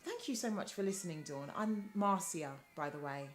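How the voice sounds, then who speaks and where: A woman's voice: on the low side, animated, moderate pace, faint music behind, natural voice. An actress playing an emotional, apologetic woman running a hotel, laughing and tearing up often. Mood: tearful. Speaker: hotel manager. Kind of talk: TV drama acting.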